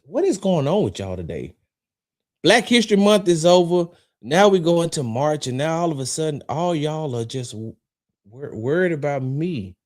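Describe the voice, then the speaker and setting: A fired-up sports talk host rants through livestreamed football commentary in a slightly high voice at a moderate pace. He's animated and rambling, speaking straight to chat viewers and throwing in profane, confrontational asides.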